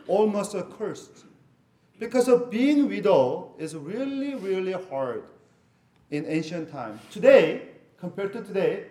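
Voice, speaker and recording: A man's voice: on the high side, dark tone. Middle-aged man preaching in an echoey room. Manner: conversational, jokey asides with laughter. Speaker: pastor. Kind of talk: sermon.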